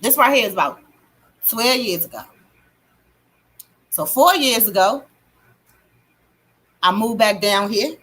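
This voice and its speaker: A middle-aged woman hosting a livestream, telling her testimony in a casual, animated way and greeting chat viewers. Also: a little high, takes it slowly, long pauses, breathy edge. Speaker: livestream host.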